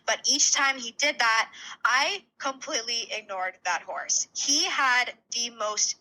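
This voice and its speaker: A woman's voice: fairly high pitch, measured pace, bright, forceful tone, rough recording. A woman horse trainer, a guest on a podcast, telling stories eagerly in casual conversation and laughing as she talks.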